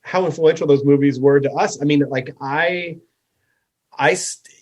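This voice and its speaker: A man's voice: fairly high pitch, fairly even intonation, measured pace. A man hosting a podcast in casual chat, rambling with lots of "you know" and "like". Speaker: podcast host.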